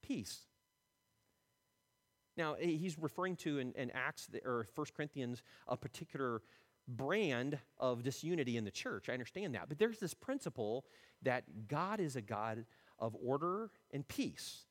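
A man preaching a sermon as a pastor, animated, acting out quotes and chuckling between points. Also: a little slow. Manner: animated, acts out quotes with shifting pitch and loudness. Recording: long hall reverb.

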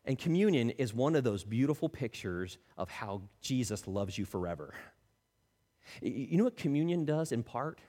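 A man preaching a sermon as a pastor, animated, acting out the people he quotes and dropping to soft, intimate tones. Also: medium pitch, moderate pace. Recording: long reverb of a church hall.

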